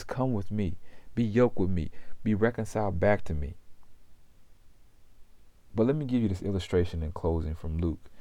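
A man's voice: dark tone, no echo. A man preaching a sermon, reading scripture aloud and pressing his listeners with repeated questions. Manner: asks the listeners repeated rhetorical questions, rising in pitch; reads scripture verses aloud with references. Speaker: pastor.

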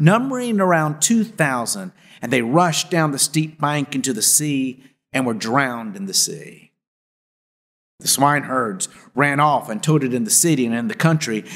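A man, a pastor, reading scripture and preaching in a measured, deliberate way in a church. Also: fairly high pitch, a bit bright, big-room sound. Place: church sanctuary.

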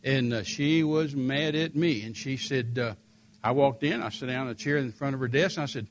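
A man's voice: medium pitch, normal speed, a little hiss or hum. An older American man preaching, telling dramatic personal stories and acting out the voices of the people in them. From United States. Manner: animated, acts out the voices in his stories. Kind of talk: sermon storytelling.

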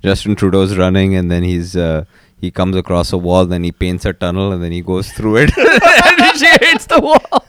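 A man's voice: low-pitched, little pitch movement, fairly quick, few pauses, darkish tone, clear, resonant tone, dry recording. A man co-hosting a casual comedic podcast, riffing on cartoon gags and laughing often. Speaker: podcast co-host.

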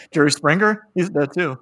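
A man's voice: a little high, measured pace, fairly bright tone. A man co-hosting a casual movie-review chat, profane and rambling, with lots of fillers and frequent laughs. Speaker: podcast co-host.

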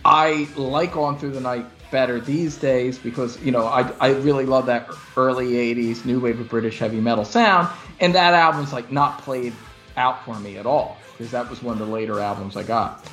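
A man hosting a casual music podcast, animated, laughing often and swearing freely. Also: mid-range voice, moderate pace. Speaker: podcast host. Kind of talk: casual chat about music.

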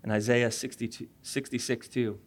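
A man's voice: mid-range voice, flat delivery, moderate pace. A male pastor in his thirties preaching a sermon in a conversational way, telling a family story and acting out little voices along the way.

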